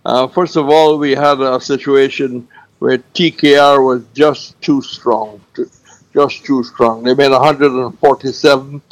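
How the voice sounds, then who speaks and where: A man presenting cricket scores on a radio show, halting, with many fillers, repeating figures slowly. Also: medium pitch, steady tone, no echo, rough recording. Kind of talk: radio sports news segment.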